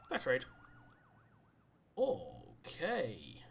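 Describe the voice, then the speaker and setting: Animated guy doing let's-play chatter, voice jumps all over, goofy and rambly, reads stuff out loud. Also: fairly quick, a little hiss or hum. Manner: rambling, jokey, reads game text aloud; sudden high-pitched exclamations. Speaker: game streamer. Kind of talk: casual let's-play commentary.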